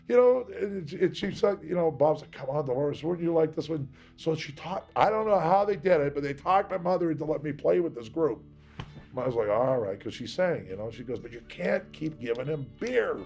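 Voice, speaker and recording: A man's voice: a little high, a little mellow. A man from Seattle giving a candid, rambling interview, acting out the voices of people he quotes. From Seattle, USA. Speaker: interviewee, singer.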